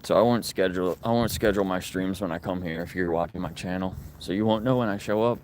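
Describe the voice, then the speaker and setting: A man's voice: low voice, fast talker, darkish tone. A man talking earnestly to his livestream viewers while walking and filming outdoors on a residential street, speaking into a handheld phone. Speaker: animal rights activist livestreamer. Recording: street traffic noise behind.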